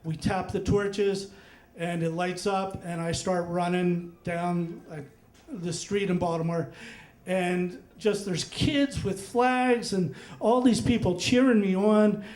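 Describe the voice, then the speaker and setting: A middle-aged man telling a personal story on stage at a live event, animated and often laughing, with lots of fillers and asides. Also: high-pitched, takes it slowly, roomy sound.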